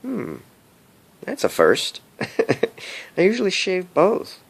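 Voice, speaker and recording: Giggly rambling man with a gravelly voice. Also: high-pitched, wildly swooping pitch, takes it slowly. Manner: giggly, rambling, laughs often. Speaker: vlogger. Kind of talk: rambling casual monologue to camera. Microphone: cell phone camera.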